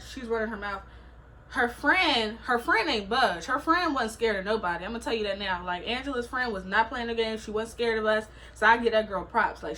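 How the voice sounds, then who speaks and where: A woman's voice: mid-range voice, fairly bright tone, slight background noise, rough recording. A young woman vlogger telling a story in a casual, slangy way, acting out what people said.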